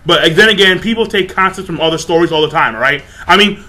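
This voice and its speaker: A man ranting casually to camera in an animated, profane way, often repeating himself. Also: on the high side, fast talker. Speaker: vlogger.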